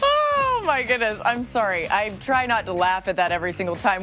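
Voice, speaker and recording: A woman's voice: mid-range voice, big pitch swings, a little fast, few pauses, music in the background. A woman hosting a sports talk show, introducing segments in an upbeat way. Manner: upbeat, laughing, leads segments.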